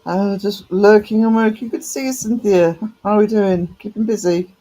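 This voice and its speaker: High-voiced man chatting on stream. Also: fairly even intonation, moderate pace, warm tone, rough recording. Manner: chatty, greets viewers by name, affectionate pet names. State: voice cracking. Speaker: live streamer. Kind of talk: casual live-stream chat with viewers.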